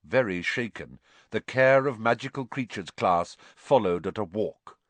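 Male audiobook narrator, low and expressive, dry close mic. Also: measured pace, no room sound. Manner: expressive storytelling. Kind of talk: scripted narration.

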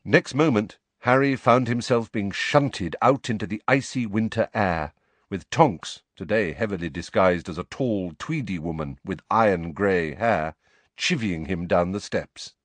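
A man reading a storybook aloud as narrator, with expressive, varied delivery. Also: on the low side, measured pace, no echo. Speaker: audiobook narrator.

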